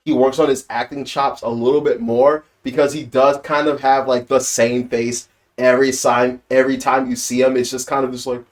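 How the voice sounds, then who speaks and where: Rambling man reviewing a show. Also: medium pitch. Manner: rambling, animated, with frequent "like" fillers and laughs. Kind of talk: casual review commentary.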